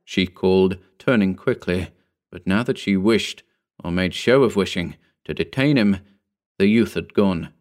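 A man reading an old story aloud in a measured, formal narration. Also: deep voice, darkish tone. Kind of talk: scripted narration.

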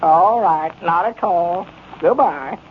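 Fretful country storekeeper, rural Arkansas drawl, high voice, halting speech, muffled 1930s radio play. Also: male voice. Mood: on the phone. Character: worried, simple-hearted country storekeeper, male. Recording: muffled 1930s radio broadcast with faint hiss.

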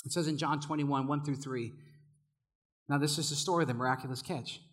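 A young man preaching a sermon, telling stories with energy, laughing often and shouting when he gets excited. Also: a little high, a little fast.

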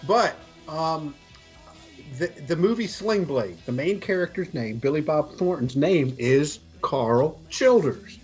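A man with a somewhat high voice tells an anecdote in a loose, conversational way. He sounds put upon and exasperated, and he swears casually. Faint music plays underneath. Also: lively intonation, takes it slowly, a little mellow. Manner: exasperated, profane storyteller.

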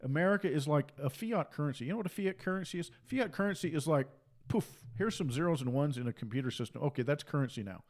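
A fervent male preacher holding forth alone on a livestream, his voice sitting a little higher than most men's. He hammers each point with repetition and drifts into mocking, sing-song asides before pressing on. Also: expressive, fast talker. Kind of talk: impassioned preaching monologue.

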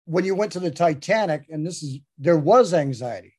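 A man's voice: fairly high pitch, lively intonation, moderate pace, darkish tone, slightly rough. Give me a man interviewing a guest in a casual chat, encouraging him and prompting him with questions.

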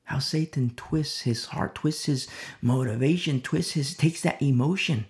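A man preaching a sermon as pastor, swinging between loud emphatic lines and hushed near-whispers. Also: a little high, measured pace. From America.

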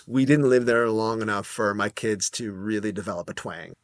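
A man's voice: fairly low pitch, moderate pace, dry recording. Rambling middle-aged male podcast guest. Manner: rambling, many fillers and restarts. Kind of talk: casual storytelling chat.

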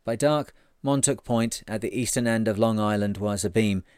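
A man's voice: fairly low pitch, darkish tone, clean tone, no echo. Man reading a sailing memoir, dry close sound. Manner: measured, storytelling. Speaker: narrator.

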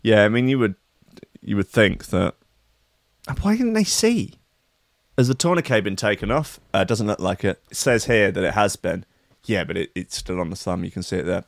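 A man's voice: lowish voice, animated, moderate pace, creaky, no echo, studio quality. A man hosting a comedic news commentary, reading stories aloud with sarcastic, crude, rambling asides. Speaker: host.

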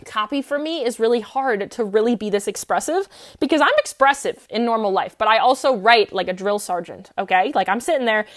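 Young woman, podcast host, expressive and animated, casual solo talk into a podcast mic. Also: fairly high pitch, brisk. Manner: expressive, animated, many fillers.

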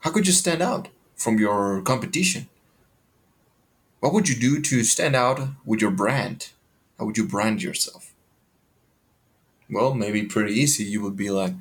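Animated man with a low voice. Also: unhurried, pauses often. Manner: animated, questioning, swears casually. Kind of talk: motivational monologue.

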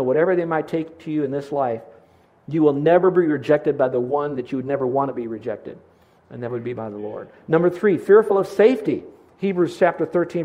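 An older man preaches with a slightly raised pitch, storytelling in a lively way. He swings between booming and hushed passages and trips over repeated words in his excitement. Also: rough recording. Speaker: pastor. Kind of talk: sermon.

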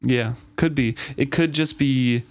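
A man of middle pitch co-hosting a casual book chat. He talks in a relaxed, tentative way, often hedging and retelling what happens in the story. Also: measured pace. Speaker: podcast co-host.

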